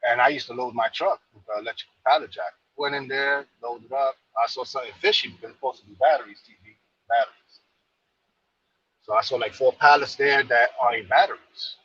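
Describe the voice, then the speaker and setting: A man's voice: mid-range voice, steady tone, brisk, sharp tone, breathy edge, dry recording, dull audio. A man from New York casually telling a long, rambling story, full of fillers and repeated phrases.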